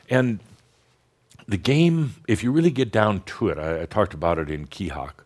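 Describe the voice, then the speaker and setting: A man giving a channeled spiritual talk to an audience, blunt and teasing, slowing down to guide deep breaths. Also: darkish tone. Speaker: spiritual teacher channeling a master.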